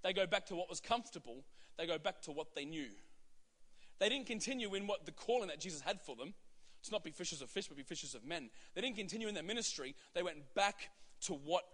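A man's voice: high-pitched, a bit bright, big-room sound. A man preaching a sermon in an earnest, emphatic way, with rhetorical questions and small chuckles.

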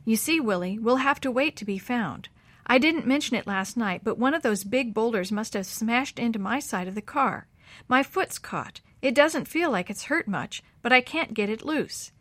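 A woman voicing a gentle, faithful elderly grandfather in a storybook read-aloud, talking in a steady, reassuring way. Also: a little high, normal speed, dry recording.

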